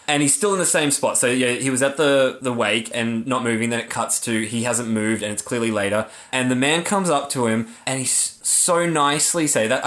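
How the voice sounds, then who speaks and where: A man's voice: mid-range voice, a bit bright. A young man in casual podcast chat, telling a story in a rambling way with lots of fillers and some swearing. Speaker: podcast co-host.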